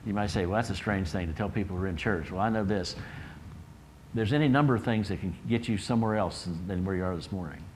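Earnest low-voiced male pastor preaching. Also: slight background noise. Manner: earnest, with repeated restarts and emphatic rises. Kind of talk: sermon. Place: church sanctuary.

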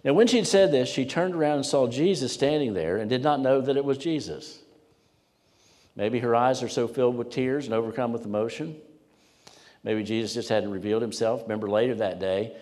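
Male pastor preaching in a reverberant sanctuary. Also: lowish voice. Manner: earnest, rises loud for emphasis and drops to near whispers. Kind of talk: sermon. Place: church sanctuary. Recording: long hall reverb.

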